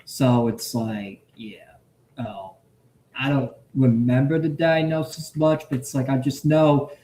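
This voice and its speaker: A man streaming his reaction to a video, swearing freely and swinging from shouts to mumbles. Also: mid-range voice, unhurried, echoey room. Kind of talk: loud profane reaction commentary.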